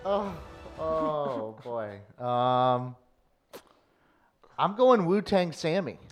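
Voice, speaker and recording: A man's voice: fairly high pitch, sing-song, drawn-out words, over music. A man co-hosting a comedy show, giggly and teasing in casual banter.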